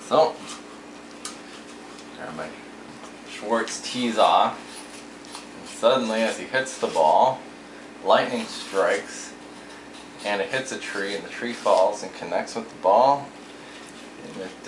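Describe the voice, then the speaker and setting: A man casually telling a string of jokes, relaxed and chatty, now and then acting out the people in them. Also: fairly low pitch, slow pace, long pauses. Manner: relaxed storyteller, acts out voices in quotes. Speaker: joke teller. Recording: echoey room with faint noise.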